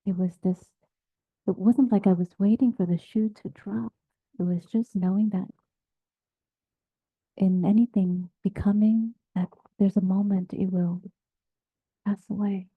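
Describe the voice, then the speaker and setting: Woman meditation teacher, unhurried and soft-spoken, slightly husky, heard through a tinny phone-like line. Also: mid-range voice, fairly even intonation, dry recording. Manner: gentle, halting, drops to near-whisper. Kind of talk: dharma talk. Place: meditation group session, also on video call.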